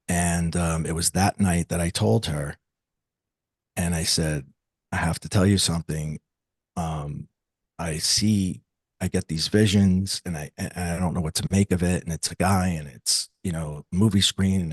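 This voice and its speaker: A deep-voiced man with a husky edge speaks as a guest in an interview. He recounts a personal story in an earnest, confessional way and acts out the dialogue as he goes. The recording is dry, with no room echo. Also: steady tone, moderate pace. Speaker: guest telling his story.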